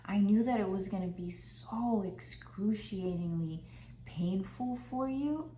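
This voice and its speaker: A woman voicing God as a tender, loving heavenly father who speaks softly and consolingly, often half-whispering. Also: medium pitch, slow, slight background noise, close to an everyday voice. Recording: roomy echo.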